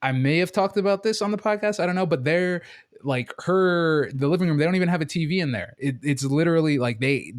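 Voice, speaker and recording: A man's voice: fairly high pitch, expressive, a little fast, no room sound, clean studio sound. A man from Brooklyn co-hosting a podcast in casual banter, joking and swearing freely. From Brooklyn, New York. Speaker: podcast co-host.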